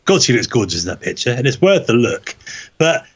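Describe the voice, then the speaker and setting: A husky-voiced man with a Norfolk accent rambles through his opinions in casual podcast chat. His voice sits at an ordinary middle pitch. The recording is a little dull and muffled. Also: very animated, fairly quick. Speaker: podcast co-host.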